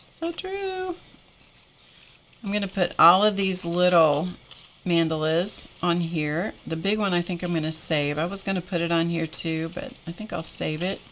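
Lady chatting with viewers on her craft livestream, low voice, rambly, keeps restarting. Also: fairly bright tone, a little hiss or hum. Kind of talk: casual chat with live viewers.

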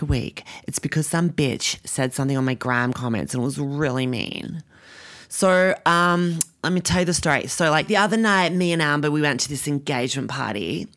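A man's voice: on the high side, fairly bright tone. A man playing a vain, crude, self-obsessed young rich girl with a Sydney Australian accent, talking in a comedic vlog monologue full of "like" fillers. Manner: constant "like" fillers, bratty and self-absorbed.

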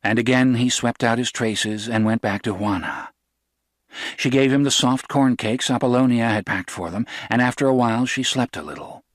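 A man narrating a novel as an audiobook, in a steady, even storytelling voice. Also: mid-range voice, normal speed, no room sound, clean studio sound.

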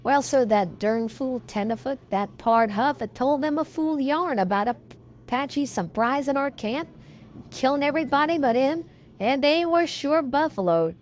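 A woman's voice: high-pitched, lively intonation, unhurried, highs cut off, slight background noise. A woman reading an audiobook, voicing a folksy male cowboy telling a tall tale in a drawling frontier dialect. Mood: yarn-spinning. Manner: drawling frontier dialect, leisurely yarn-spinning. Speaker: audiobook reader. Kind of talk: audiobook reading of a western yarn.

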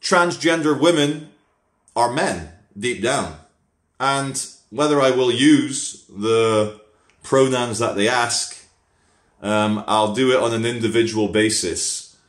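A man talks straight to camera in a loose, rambling vlog monologue, blunt and full of swearing, dropping sardonic asides. His voice sits at an ordinary middle pitch. The room around him rings with a noticeable echo. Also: slow pace. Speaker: vlogger. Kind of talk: casual unscripted monologue. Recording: roomy echo.

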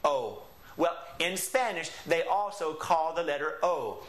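A man with a somewhat high voice leads a classroom lesson, stretching out each model sound so learners can follow. His speech rings in an echoey room. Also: lively intonation, a bit bright. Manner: patient, drawn-out model pronunciations. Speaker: Spanish teacher.

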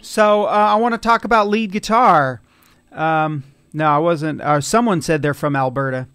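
A man's voice: a little high, moderate pace, fairly bright tone. A man from California hosting a live guitar lesson, casual and chatty, greeting viewers between explanations. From Sacramento, California. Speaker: guitar teacher. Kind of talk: live-streamed guitar lesson with chat replies. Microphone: studio mic, a bit away from him.

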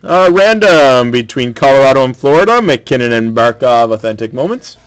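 A man hosting a sports card break, calling out each card pulled in a brisk, matter-of-fact way. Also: mid-range voice, animated. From Canada.

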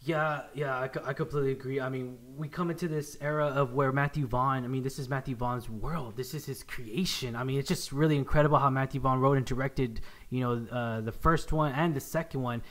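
A man's voice: mid-range voice, steady tone, brisk, hardly any pauses, fairly bright tone. A young man hosting a casual movie review chat, upbeat and rambling with many restarts. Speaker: podcast host.

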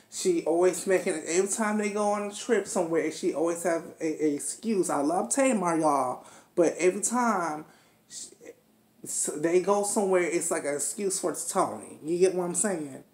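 A man's voice: high-pitched, normal speed, darkish tone. A man vlogging a TV episode review in a sassy, profane, chatty unscripted rant, calling his viewers honey and child. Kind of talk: casual unscripted rant to camera. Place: indoor room at home. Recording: echoey room.

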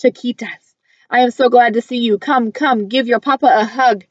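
A woman's voice: on the high side, fairly even intonation, normal speed, no room sound, lo-fi sound, natural voice. A woman voicing a middle-aged father who tenderly coaxes his daughters in an audiobook. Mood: coaxing. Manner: coaxing, tender.

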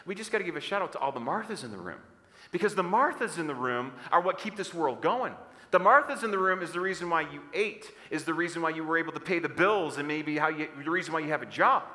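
A man preaches with energy, asking the congregation to repeat lines back to him. His voice is bright and a little high. It carries a long reverb from the church hall. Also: fast talker. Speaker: pastor. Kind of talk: sermon.

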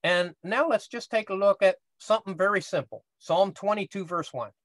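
A man's voice: high-pitched, normal speed, a bit bright, no echo. A man teaching a casual Bible study class, explaining step by step and often checking in with "right?".

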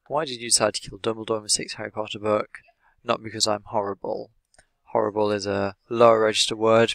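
Measured low-voiced English teacher, dry sound. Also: male voice, gravelly, a bit bright, no room sound. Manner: measured, explanatory, many "sort of" fillers. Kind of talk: explanatory lesson analysing an interview.

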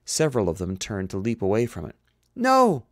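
A man's voice: low voice, quick pace, a little mellow, dry recording, studio quality. A man reading a science fiction novel aloud, now and then stopping to reread a slipped line. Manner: reads, stops and rereads slipped lines. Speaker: audiobook reader. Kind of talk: amateur audiobook narration.

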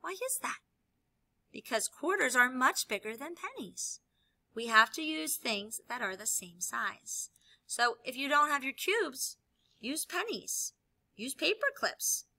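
A woman teacher explaining a lesson while she demonstrates with objects, upbeat and clear. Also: high-pitched, big pitch swings, unhurried, sharp tone. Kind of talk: classroom video lesson.

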